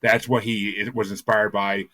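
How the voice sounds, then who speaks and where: Deep, bright-toned male podcast host. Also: little pitch movement, moderate pace, dry recording. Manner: rambling and enthusiastic, stumbles over repeated words. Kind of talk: casual podcast chat.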